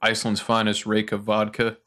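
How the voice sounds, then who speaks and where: Rambling bright-voiced man hosting a podcast. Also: fairly low pitch, completely flat delivery, fairly quick. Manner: rambling, loose, laughs easily. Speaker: podcast host. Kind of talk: casual drunken chat.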